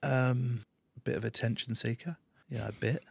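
A man's voice: medium pitch, fairly even intonation, normal speed, vocal fry, no echo. A young man, a rugby player chatting in an interview, telling jokey stories with swearing. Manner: jokey storyteller, swears, acts out quotes. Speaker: professional rugby player, guest. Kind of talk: casual interview chat.

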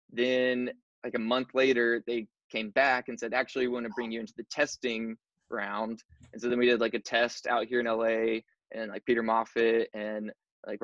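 Here a young man, an actor guest, talks loosely about his career during an interview chat, relaxed and constantly using "like" and "dude." His voice is medium-pitched with a fairly bright tone. The lo-fi recording is dull and dry, with no echo.

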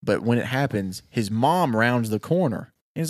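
Animated man telling a story. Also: mid-range voice, moderate pace, no echo, clean studio sound. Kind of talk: casual brainstorming chat.

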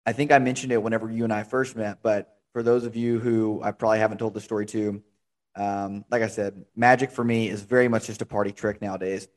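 A man's voice: lowish voice, level tone, quick pace. A young man hosting a podcast interview, chatting casually and rambling through stories. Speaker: podcast host.

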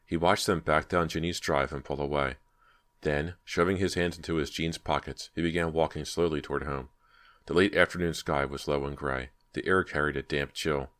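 Super deep guy reading a horror audiobook, steady and measured. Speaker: audiobook narrator. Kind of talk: scripted horror narration.

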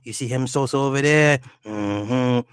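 A man voicing a swaggering, teasing Jamaican rude boy in a put-on patois, with a pitch well above his own. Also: a little slow, smooth, no room sound, clean studio sound, close to an everyday voice. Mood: taunting. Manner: taunting, breaks into laughter.

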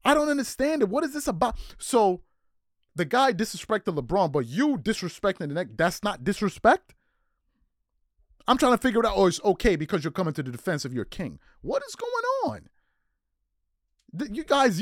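Guy going off on a sports rant, high lively voice, aave, dry close sound. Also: fairly quick, no room sound. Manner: heated, incredulous, repetitive rhetorical questions. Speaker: sports commentary host.

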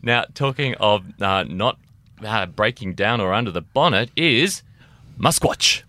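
Low-voiced podcast host. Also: male voice, lively intonation, a little slow, noisy background. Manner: chatty, laughs often, reads tweets aloud. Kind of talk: casual motoring podcast chat.

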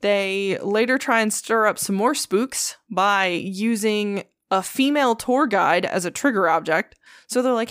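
A woman's voice: medium pitch, unhurried, a bit bright, dry recording, studio quality. A woman casually retelling a story on a podcast, swearing freely and acting out the quotes. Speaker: podcast host.

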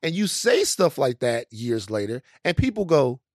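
A man co-hosting a casual talk show, blunt and animated as he talks. His voice sits at a middle pitch, recorded close and dry. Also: normal speed, no echo. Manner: animated, blunt, reads statements aloud. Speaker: co-host. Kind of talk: casual chat.

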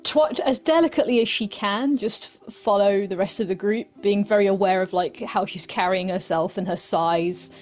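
A woman's voice: medium pitch, normal speed, few pauses. Woman narrating her rpg turn, giggly and light, faint music. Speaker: player. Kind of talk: tabletop role-play narration.

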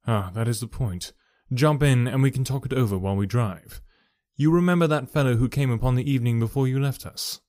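A man's voice: medium pitch, fairly quick, darkish tone, no echo, clean studio sound, close to an everyday voice. A man doing a careworn, anxious young man. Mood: grim. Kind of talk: audiobook character voice.

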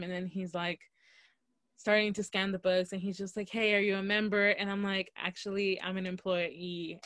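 A young woman co-hosting a casual podcast, telling an anecdote with laughs and quick acted-out quotes. Her voice sits at a middle pitch, recorded dry and close. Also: dry recording. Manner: animated, laughing, acts out quotes. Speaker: podcast co-host. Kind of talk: casual storytelling chat. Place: Los Angeles.

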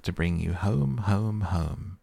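A man voicing an excited little girl, gleeful and eager, in a sleep-story reading. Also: low-pitched, takes it slowly, vocal fry, dry recording, clean studio sound, heavily acted. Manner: gleeful, pleading.

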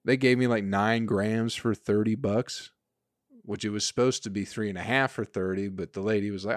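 A man's voice: on the low side, moderate pace, no echo, clean studio sound. A man hosting a casual solo podcast, rambling and swearing in an exasperated way. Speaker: podcast host.

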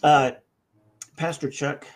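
A man's voice: fairly high pitch, steady tone, slow pace, poor audio. A man chatting as a guest on a live stream, talking in a rambling way and breaking off mid-sentence. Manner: rambling, self-interrupting. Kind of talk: casual live stream chat.

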